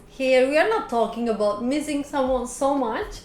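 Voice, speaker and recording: A woman English teacher explaining quiz answers in slow, careful steps. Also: high voice, a little mellow. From Turkey. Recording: echoey room with faint noise.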